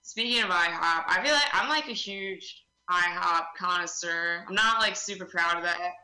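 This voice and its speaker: A young woman doing a stand-up comedy set, deadpan and self-mocking, acting out the voices of people in her stories. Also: fairly low pitch, moderate pace. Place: comedy open mic venue. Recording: roomy live venue sound.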